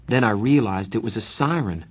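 A man narrating a first-person story in measured, plain storytelling. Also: fairly low pitch, husky. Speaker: audiobook narrator.

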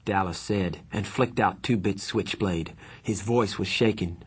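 A man reading a first-person novel aloud in steady, earnest audiobook narration. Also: sits low, unhurried, hardly any pauses, breathy edge.

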